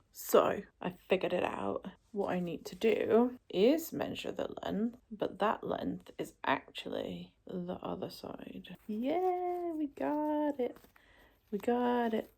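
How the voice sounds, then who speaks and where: A young woman vlogging about her day as a mother. She chats casually to the camera, thinks aloud, and switches into sing-song baby talk with her daughter. Her voice sits at a middling pitch. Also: gravelly, mellow. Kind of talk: casual vlog chat to camera.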